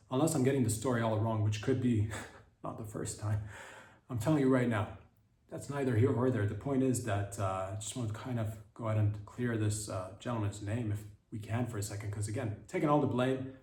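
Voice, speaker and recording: A man's voice: medium pitch, dark tone, echoey room, recorded from a distance, rough recording. A young man hosting a comedy podcast, riffing in a rambling, profane monologue full of mock outrage. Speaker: podcast host.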